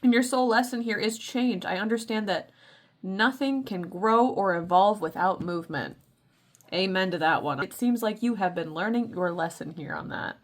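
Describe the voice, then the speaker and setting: A woman's voice: medium pitch, moderate pace. Playful chatty woman tarot reader. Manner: playful, chatty, calls listeners baby. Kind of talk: casual spiritual reading.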